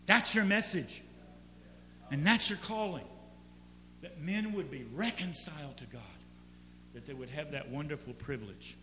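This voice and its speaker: A male pastor preaches a sermon in a church hall, chatting easily and then building to emphatic peaks. His voice is high and bright. A long reverb trails his words over a faint hum. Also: lively intonation, moderate pace, pauses often.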